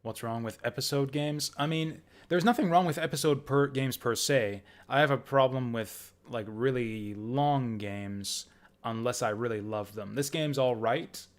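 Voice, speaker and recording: A man's voice: medium pitch, measured pace. A man chatting casually and rambling as he streams a video game. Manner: chatty, rambling, laughs often.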